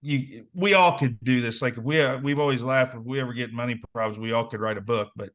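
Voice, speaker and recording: A man in his forties from southern Indiana spins stories from his playing days in a relaxed interview. He talks casually, in a mid-range voice. He acts out the people he quotes. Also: medium pitch, a little fast. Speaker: interview guest, former basketball player. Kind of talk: casual storytelling.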